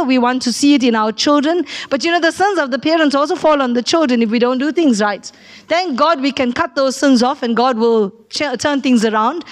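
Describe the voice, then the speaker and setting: A middle-aged woman pastor, preaching a sermon and telling a personal story, acting out the people she quotes. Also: high voice. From South Africa.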